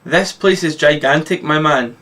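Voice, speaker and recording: A man voicing Shaggy, a jittery, easily scared young man who stammers when he is excited. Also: on the high side, normal speed, close to an everyday voice. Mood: startled.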